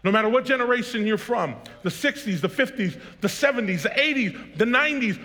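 Joking pastor preaching in a big hall. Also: male voice, extremely high pitch, expressive, a little fast, pushed and bright. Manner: storytelling, joking, rising to emphatic preaching. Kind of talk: sermon. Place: church sanctuary. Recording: long hall reverb.

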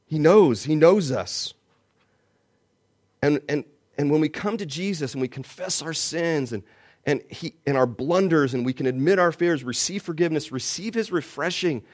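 Guy pastor preaching, tells a story, goes loud then real quiet. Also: fairly high pitch, normal speed. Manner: animated storyteller, swings from loud to hushed. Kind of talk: sermon with personal storytelling.

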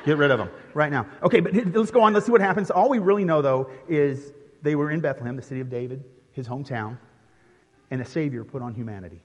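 Man, pastor, playful and chatty, laughing a lot, slightly high voice, long church-hall reverb. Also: fast. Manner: playful and chatty, laughing often, with many restarts. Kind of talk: interactive Christmas sermon, directing a live nativity skit. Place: church sanctuary.

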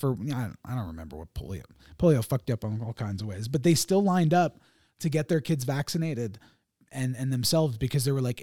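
A man's voice: medium pitch, lively intonation, brisk, darkish tone, no room sound, studio quality. A man hosting a podcast in casual chat, laughing often and swearing as he acts out quoted people. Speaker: podcast host.

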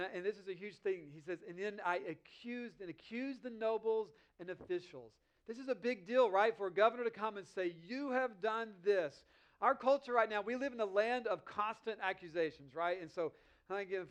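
A man with a notably high voice delivers a sermon. He reads scripture passages slowly and deliberately, then breaks them down in a relaxed, conversational manner. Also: clear, resonant tone. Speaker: pastor.

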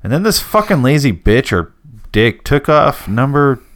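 A man's voice: medium pitch, very animated, normal speed, a bit bright. A young man co-hosting a podcast in casual late-night chat, joking crudely and drawling lazily on purpose. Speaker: podcast co-host.

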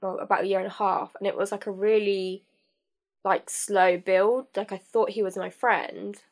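A young woman appears as a podcast guest, sharing a personal story in a candid, halting way full of fillers and restarts. Her voice is medium-pitched and her tone stays level.

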